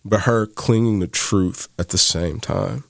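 A man's voice: on the low side, unhurried, gravelly, no echo, studio quality. A man co-hosting a casual faith discussion podcast, talking earnestly and building emphasis as he makes his points. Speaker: podcast co-host.

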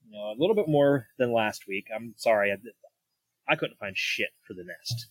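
A man's voice: medium pitch, expressive, normal speed, no echo. Dry-miked laughing co-host, man. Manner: laughing, teasing, profane. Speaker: podcast co-host. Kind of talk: casual movie review chat.

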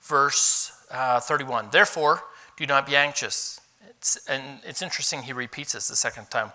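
A middle-aged man preaching a sermon as pastor, telling candid personal stories in an animated way. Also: medium pitch, normal speed.

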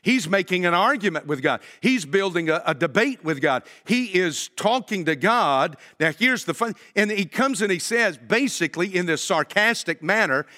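A pastor delivers a sermon in a high, ringing voice. He talks straight to his congregation and leans on rhetorical questions to keep them with him. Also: animated, moderate pace, hardly any pauses, sharp tone. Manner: conversational preaching with rhetorical questions; addresses congregation directly.

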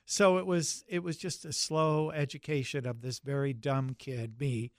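A man's voice: mid-range voice, steady tone, unhurried, dry recording, studio quality. Older Southern man recalling the past. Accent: Southern American. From American South. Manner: reflective, storytelling with frequent restarts. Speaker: interviewee. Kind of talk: oral history interview.

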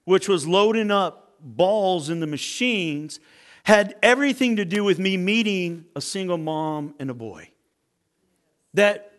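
Animated male pastor telling stories. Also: a little high. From California. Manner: animated storyteller, acts out quoted voices. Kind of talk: sermon storytelling.

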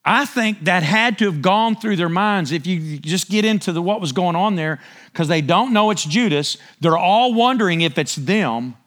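A man giving a conversational Bible-teaching sermon, animated and storytelling, swinging his voice up and down as he acts out the scene. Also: high-pitched, normal speed.

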